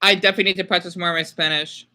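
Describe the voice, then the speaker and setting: A woman on a casual livestream reading viewer messages, talking haltingly with many fillers and slipping into hesitant Spanish. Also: lowish voice, steady tone, sharp tone. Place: lives in Phoenix.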